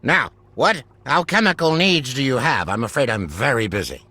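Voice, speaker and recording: A man's voice: mid-range voice, expressive, moderate pace, sharp tone, breathy edge. An actor playing a pompous, busy male alchemist shopkeeper in a video game, haughty and theatrical.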